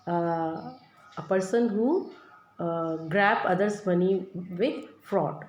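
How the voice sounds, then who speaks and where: A woman's voice: lowish voice, dark tone. A woman teacher going through a play line by line, reading each line and then paraphrasing it in plain words. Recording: echoey room with faint noise.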